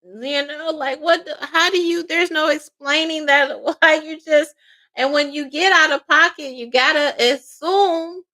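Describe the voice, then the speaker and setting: A woman giving a casual tarot reading, loud, profane and laughing often, slipping into playful quoted voices. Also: sits high, steady tone, unhurried. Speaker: tarot reader.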